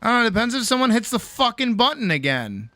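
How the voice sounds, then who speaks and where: Tired, bright-voiced late-night streamer, swearing. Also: male voice, very high voice, very animated, quick pace, no echo. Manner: rambling, swears freely, self-mocking. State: tired, sore jaw. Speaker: streamer and animator. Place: home streaming setup.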